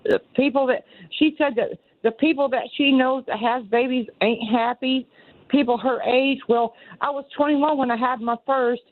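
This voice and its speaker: A woman's voice: sits high, steady tone, normal speed, dry recording. A woman in her sixties with a Southern accent, calling in to a radio show and telling her story in an earnest, rambling way, often repeating herself. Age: 60s. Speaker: caller. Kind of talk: call-in radio talk. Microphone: telephone. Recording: tinny phone line.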